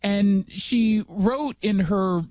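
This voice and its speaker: A man's voice: sits high, drawn-out words, a little mellow, no room sound. An American man hosting a talk show from his studio, joking and sarcastic, often restarting his sentences. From United States. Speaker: radio show host. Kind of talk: political talk show banter. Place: cold studio.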